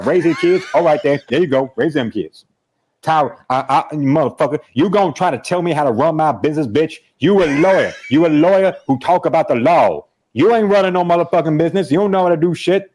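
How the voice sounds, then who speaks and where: Guy doing a loud swaggering trash-talker, higher and pushier than his own voice, cussing nonstop. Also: husky, low-quality recording. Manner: profane, shouting insults. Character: brash, swaggering grown man trash-talking.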